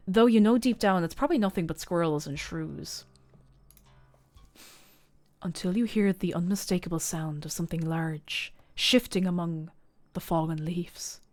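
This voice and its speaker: A young woman streamer reading a story game's narration aloud in an expressive, animated way. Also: lowish voice, normal speed.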